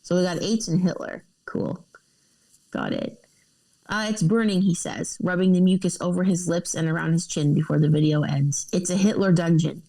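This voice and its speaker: A woman's voice: lowish voice, expressive, moderate pace, gravelly, dark tone, poor audio. A woman co-hosting a podcast, reading news articles aloud with casual asides and laughs.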